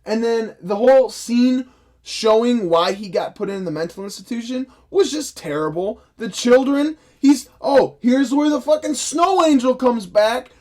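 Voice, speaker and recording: A man's voice: very high voice, animated, a little slow, a little mellow. A young man delivering a profane, sarcastic, exasperated movie review rant. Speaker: film reviewer. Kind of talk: ranting vlog review.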